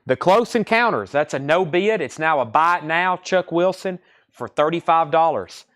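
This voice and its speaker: A man's voice: a little high, lively intonation, moderate pace, fairly bright tone. A man hosting a live-stream record sale, talking in breezy, joking sales patter with repeated catchphrases.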